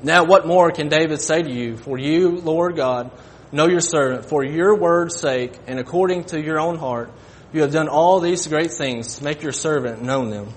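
A man preaching a sermon, halting and folksy, often repeating his words. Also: a little high, slight background noise.

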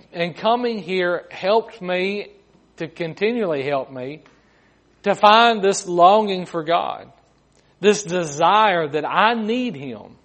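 High-voiced folksy preacher. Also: male voice, fairly bright tone. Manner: folksy, repeats words, humorous asides. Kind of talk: sermon.

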